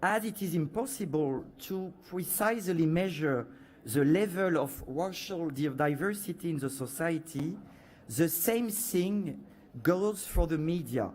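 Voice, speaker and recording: A man with a French accent giving a prepared conference presentation as a panelist, measured and dotted with "uh" fillers. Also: a little high. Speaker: panelist from a media regulator.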